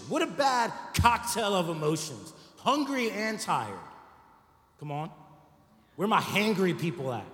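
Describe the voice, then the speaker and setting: High-voiced pastor preaching in an echoey hall. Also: male voice, a bit bright. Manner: conversational preaching with frequent "right?" asides. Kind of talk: sermon. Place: church sanctuary.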